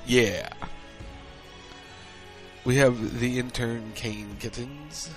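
A man producing and co-hosting a wrestling talk show, opening with an energetic announcer delivery and sponsor plugs. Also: mid-range voice, extremely slow, soft background music. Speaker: producer and co-host. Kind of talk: show intro and casual banter.

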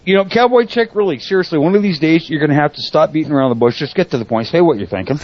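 A man's voice: on the high side, animated, very fast, dull audio, slight background noise. A man hosting an online talk show, bantering bluntly and swearing freely. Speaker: show host. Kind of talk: casual profane banter.

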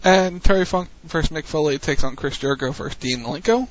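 A man's voice: a little high, quick pace, lo-fi sound. A man co-hosting a casual talk show, reading out matchups and teasing the others. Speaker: co-host running the match brackets. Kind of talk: casual chat.

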